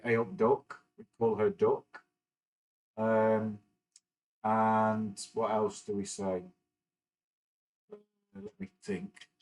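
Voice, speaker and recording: Over a rough recording, a middle-aged northern English man hosting a stock market livestream speaks in a medium-pitched voice. His casual chat rambles, full of fillers and restarts.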